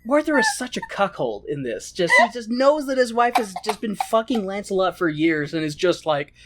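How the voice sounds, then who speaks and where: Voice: mid-range voice, big pitch swings, normal speed, very noisy. A podcast co-host recapping a film in a casual, crude and joking way, telling the story animatedly.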